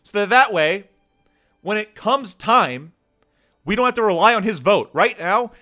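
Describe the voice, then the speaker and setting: Cursing freely as he pushes his point hard, this young man streams a heated political rant with moments of pleading, his voice high for a man and bright and forceful.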